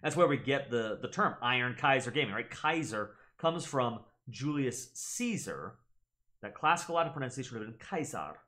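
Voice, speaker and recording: A man of middling pitch who teaches in a casual, chatty way, his voice swinging up and down with energy. He hosts a gaming channel and repeats words slowly to demonstrate how they sound. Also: sing-song, pushed and bright. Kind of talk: casual explanatory lesson.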